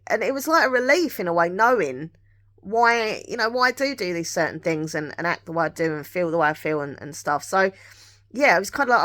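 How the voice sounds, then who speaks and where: A woman's voice: mid-range voice, lively intonation, a little fast, a bit bright. A woman, talking candidly to her camera in a rambling, confiding way, full of restarts and asides. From England. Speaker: vlogger. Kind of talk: candid personal chat to camera.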